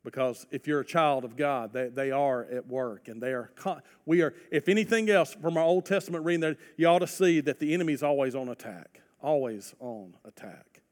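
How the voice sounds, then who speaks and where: High-voiced preacher man in a reverberant hall. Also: brisk, hardly any pauses. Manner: earnest preaching, rises loud for emphasis, drops to soft appeals. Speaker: pastor. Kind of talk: sermon.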